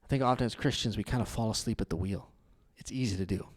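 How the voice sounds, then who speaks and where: A young adult man pastor preaching a sermon in a conversational, storytelling way, laughing often and growing loud and animated in his stories. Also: lowish voice, fast talker, husky, no room sound. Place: church.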